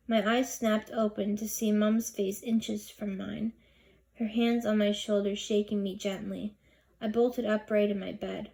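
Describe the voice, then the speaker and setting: A woman narrating a children's novel aloud in a steady, expressive reading. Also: medium pitch, measured pace, gravelly. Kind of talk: storybook narration.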